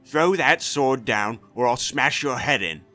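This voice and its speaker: Man voicing a frightened town guard, trembling voice, yelling, high strained pitch, sharp tone, faint music behind. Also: lively intonation, a little slow. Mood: frightened anger.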